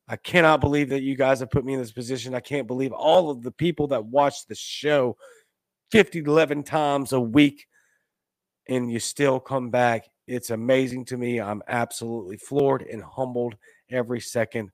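A man hosts a casual livestream chat in a loose, rambling way, swinging between loud bursts and muttered asides. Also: medium pitch, fairly even intonation, normal speed, dry recording. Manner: loose and rambling, with swerves in loudness and pace. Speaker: host.

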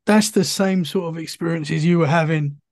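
A man's voice: a little high, normal speed, darkish tone, no echo, studio quality. A man hosting a podcast interview, reacting with short, astonished remarks. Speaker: podcast host. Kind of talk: casual interview chat.

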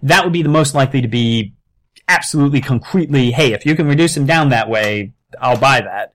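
A man's voice: medium pitch, a little fast, fairly bright tone. A man running a tabletop game as game master, explaining rulings and weighing options aloud.

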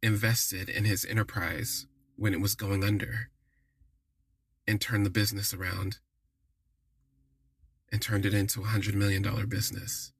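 Husky-voiced man telling a story. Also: fairly low pitch, level tone, normal speed, pauses often. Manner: chatty, lots of "like" fillers, wry. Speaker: podcast host. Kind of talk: casual first-person storytelling.

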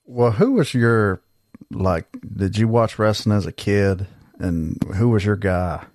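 A male podcast host with a low voice chats easily with his guest and drops in short, friendly reactions. He sounds relaxed and conversational. The recording is dry and close, with almost no room sound. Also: slow pace, no echo. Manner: easygoing, short affirming replies. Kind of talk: casual interview chat.

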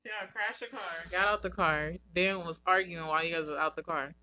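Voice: medium pitch, a little fast, bright, forceful tone. A podcast co-host in casual chat, teasing and asking short follow-up questions.

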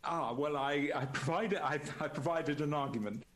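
A man's voice: a little high, normal speed. A man, a former prison doctor, telling wry anecdotes as a guest and chuckling through them. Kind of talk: conversational storytelling.

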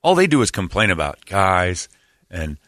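A man's voice: deep voice, normal speed, no echo, studio quality. A man hosting a radio show, telling a story casually and acting out the voices of the people in it. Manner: animated storyteller who acts out quoted voices. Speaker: radio host.

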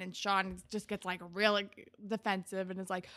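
A woman's voice: mid-range voice, steady tone, brisk, few pauses, sharp tone. A woman recapping a TV episode casually, laughing often and acting out scenes as she retells them.

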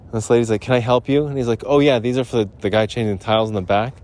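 A man's voice: mid-range voice, fairly even intonation, rapid-fire, a little mellow. A man hosting a casual podcast, rambling through a funny story with profanity and laughter. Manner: loose, profane, laughs through his own stories. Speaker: podcast host.

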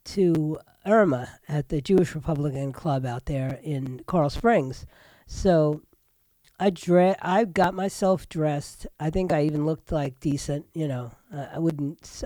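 A woman's voice: low-pitched, dark tone, no room sound. Older woman host, nasal and sick. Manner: rambling, chatty monologue with frequent fillers. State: sick with a stuffy nose. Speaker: radio talk show host. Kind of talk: casual talk radio monologue.

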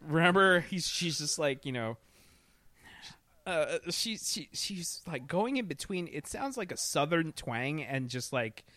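A man chatting casually about a movie, animated and often laughing, mocking what he saw with quick impressions. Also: on the high side, no room sound. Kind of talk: casual podcast movie chat.

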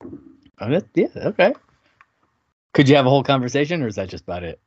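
A man co-hosting a TV recap podcast in casual chat, animated and quick to laugh. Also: mid-range voice, husky, dry recording. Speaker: podcast co-host. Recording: dry, muffled lo-fi audio.

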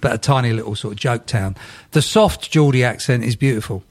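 A man's voice: mid-range voice, fairly quick. A man hosting a casual football podcast, rambling and often restarting his sentences.

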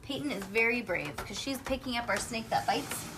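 A woman reading a children's storybook aloud to her child at home, with relaxed, chatty asides. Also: on the high side, normal speed, background noise.

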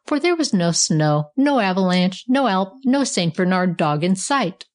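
A woman narrating a storybook with a measured, expressive reading style. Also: medium pitch.

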